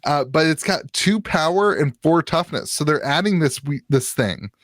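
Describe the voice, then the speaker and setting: A man from Ohio with a voice on the high side speaks expressively at normal speed, with no room sound. As co-host of a casual trading card game podcast, he rambles, jokes and leans heavily on fillers.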